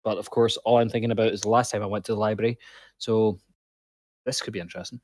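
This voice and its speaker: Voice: medium pitch, fairly even intonation, fast, a little mellow, dry recording, clean studio sound. A player in a tabletop role-playing game, talking casually and hesitantly.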